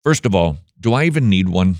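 رجل بصوت منخفض يمازح ضيفه. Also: male voice, low voice, expressive, darkish tone, dry recording, clean studio sound. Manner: joking, teasing, quick back-and-forth. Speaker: radio show host. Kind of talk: casual interview chat.

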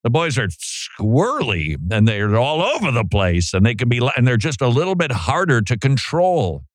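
A man's voice: mid-range voice, very animated, normal speed, no room sound. Sarcastic male radio host, dry sound. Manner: sarcastic, joking asides. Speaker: radio talk show host. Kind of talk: commentary on played clips.

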